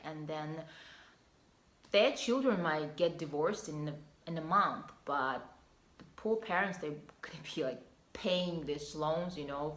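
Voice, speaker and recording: A woman's voice: on the low side, a bit bright. A young woman from northern Kazakhstan, chatting casually in a vlog and telling stories with asides. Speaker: vlogger. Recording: echoey room.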